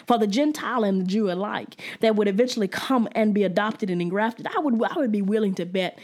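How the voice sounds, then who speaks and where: An excited woman preaching a fervent Bible teaching, talking colloquially with frequent restarts. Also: medium pitch, a little fast. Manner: enthusiastic, fervent, laughing often. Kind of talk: sermon.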